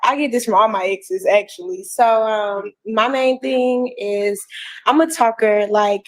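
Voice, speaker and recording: A woman's voice: on the high side, fairly even intonation, unhurried. A woman on a dating show, talking casually and rambling on about herself. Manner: rambling, chatty. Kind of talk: casual talk.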